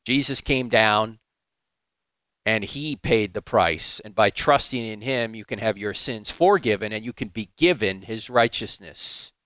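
A man giving a preaching talk, emphatic and rhetorical, sometimes jumping into high mocking voices. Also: unhurried, a bit bright, no echo. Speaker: apologetics speaker.

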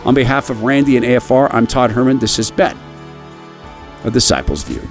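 A man's voice: big pitch swings, soft background music. Earnest middle-aged male host. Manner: earnest, halting, with restarts and a wide pitch swing. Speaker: radio commentary host. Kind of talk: personal storytelling commentary.

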